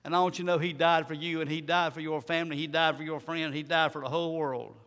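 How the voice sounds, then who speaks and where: Preacher in a reverberant hall. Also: male voice, fairly high pitch, fairly even intonation, fast. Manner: dramatic swings between loud and soft, repeated rhetorical questions. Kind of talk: sermon.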